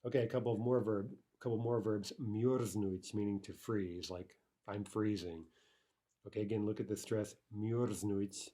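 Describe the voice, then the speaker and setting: A man teaching a recorded language lesson, explaining step by step with frequent "right?" and "okay", slowing down to sound out word forms. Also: on the low side, fairly even intonation, warm tone. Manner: slows to spell out Russian word forms.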